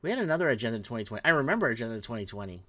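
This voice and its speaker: A middle-aged podcast host, originally from Portugal and raised in the Toronto area, races through casual live-stream commentary. His mid-range voice is fairly bright with big pitch swings, and he rambles heatedly, firing off rhetorical questions.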